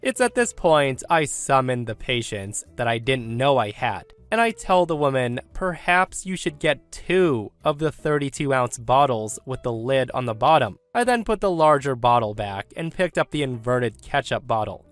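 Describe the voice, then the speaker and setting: A man narrating a dramatic retail story, expressive and exasperated. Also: medium pitch.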